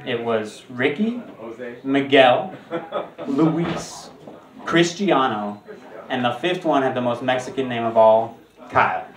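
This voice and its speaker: A man's voice: slow, long pauses. Stand-up comic man in a roomy club. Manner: jumps high and loud on punchlines. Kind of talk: stand-up routine. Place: comedy club stage. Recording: roomy and distant. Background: audience laughter.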